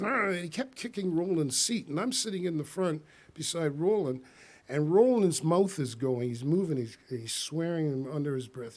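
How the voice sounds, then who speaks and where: A man's voice: fairly high pitch, expressive, normal speed. A man telling a rambling personal story to a live audience, laughing often and acting out the quotes.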